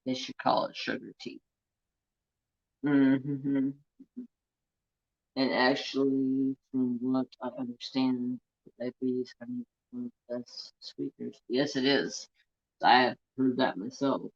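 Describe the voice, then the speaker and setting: A man's voice: mid-range voice, steady tone, slow, vocal fry, long pauses. Chatty American man on a lo-fi stream. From United States. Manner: chatty storyteller, reads viewer comments aloud. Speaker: crafting channel host. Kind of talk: casual live-stream chat. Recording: dull lo-fi sound.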